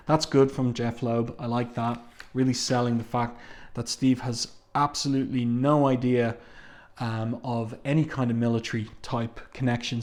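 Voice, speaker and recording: A man's voice: medium pitch, darkish tone. A man reviewing an old comic book, reading its captions and speech balloons aloud and adding his own comments between them, with frequent ums. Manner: reads captions plainly, with frequent ums and asides.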